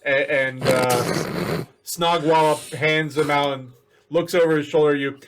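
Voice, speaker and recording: A man's voice: a little high, steady tone, a little slow, noisy background. A man narrating a tabletop game as game master, loose and rambling with lots of fillers.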